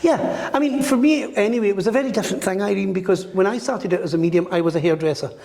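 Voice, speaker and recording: A man's voice: high-pitched, fast, creaky. A man talking as a guest in an interview, telling stories and acting out the voices of the people in them. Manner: animated, acts out the voices in his stories. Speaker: psychic medium guest. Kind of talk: storytelling in a podcast interview. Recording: roomy with long reverb.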